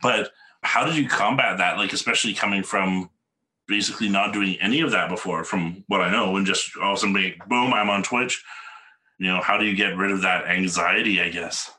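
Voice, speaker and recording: A man hosts a casual podcast interview, easygoing and rambling, with a ready laugh. His voice is lowish but sharply bright and forward in tone. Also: a little fast. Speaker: podcast host.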